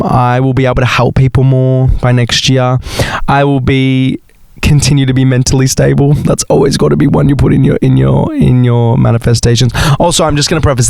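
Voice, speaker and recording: A young man hosting a casual solo podcast, telling stories in an animated, excitable way with plenty of swearing. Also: medium pitch, vocal fry, no echo. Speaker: podcast host.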